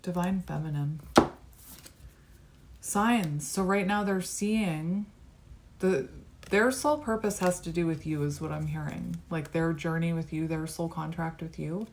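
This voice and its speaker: A woman's voice: deep voice, unhurried, darkish tone. A woman giving a tarot reading to the camera, musing card by card in a reflective, conversational way. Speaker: tarot reader.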